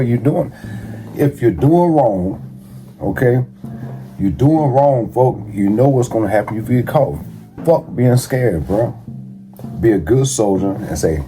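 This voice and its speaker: Over music playing in the background, a man with a dark, medium-pitched voice gives blunt advice in a conversational monologue. He's animated yet unhurried, leaving long pauses, and his casual talk is full of profanity and street slang.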